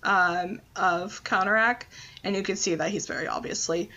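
Bright-voiced woman reading case notes. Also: mid-range voice, steady tone, normal speed, dull audio. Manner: laughs between points, fillers like um. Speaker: podcast co-host.

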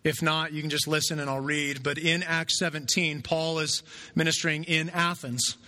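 A man preaching with a very bright, forceful voice pitched high for a man. His delivery is conversational, and he keeps checking in with the congregation with a quick "right?" as he makes his points. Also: steady tone. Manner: conversational, asks "right?" often. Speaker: pastor. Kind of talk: sermon.

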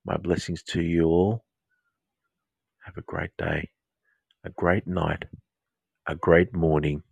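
A deep-voiced Australian man guides a meditation in a soft, husky half-whisper, his voice heavy with gravelly fry. He talks slowly and soothingly, close to the microphone in a dry, dead room. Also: level tone, dry recording, poor audio. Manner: slow, soft and soothing, repeating mantras. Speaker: counsellor and podcast host. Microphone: close to the mic.

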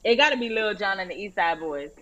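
A woman's voice: medium pitch, expressive, fast, muffled recording, a crowd in the background. A woman co-hosting a casual podcast, joking and teasing in loose slang. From New York. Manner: playful, joking, drawling slang. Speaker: podcast co-host. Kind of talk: casual chat.

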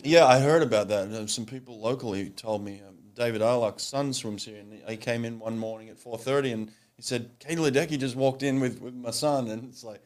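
Relaxed male interviewer. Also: mid-range voice, a little fast, few pauses. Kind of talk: conversational interview.

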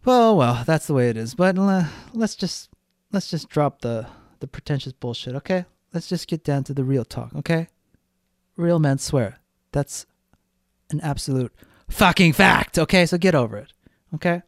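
A man's voice: a little high, lively intonation, normal speed, no room sound, clean studio sound. A man hosting a solo podcast, talking bluntly and ranting with frequent swearing. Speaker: podcast host.

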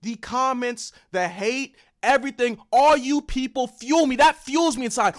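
A young man giving an angry, heated ranting commentary on combat sports, loud and repetitive. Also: very high voice, normal speed, hardly any pauses.

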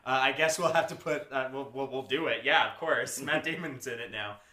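Bright-voiced chatty man in an echoey room. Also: mid-range voice, a little fast. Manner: chatty, many fillers. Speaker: podcast host. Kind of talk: casual group chat about video games.

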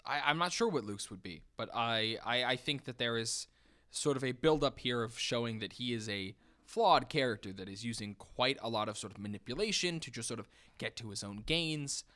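A man co-hosting a podcast, talking thoughtfully through a book with frequent pauses to gather his thoughts. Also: medium pitch, animated, bright, forceful tone. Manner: thoughtful, hesitant, many fillers and restarts. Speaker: podcast co-host. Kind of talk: casual book discussion.

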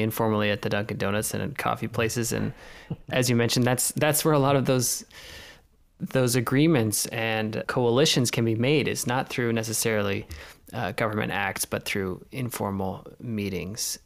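Gravelly-voiced guy in his twenties hosting a podcast, affirming and chatty. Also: medium pitch. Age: 20s. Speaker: podcast host. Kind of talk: conversational podcast interview.

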